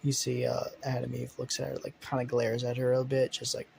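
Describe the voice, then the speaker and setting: Guy making up a story as he goes, lots of uh and sorry, swears a bunch, middle pitch, faint noise behind. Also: monotone, brisk, creaky, darkish tone, rough recording. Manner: rambling, swearing, many fillers and self-corrections. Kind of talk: casual improvised story narration.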